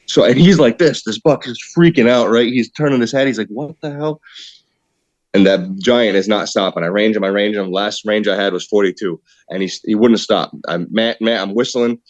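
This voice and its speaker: A man excitedly telling a hunting story in casual podcast chat, saying "dude" a lot. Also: on the low side, brisk, few pauses, no room sound, dull audio. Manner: excited, animated retelling with repeated "dude". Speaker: podcast guest, hunter.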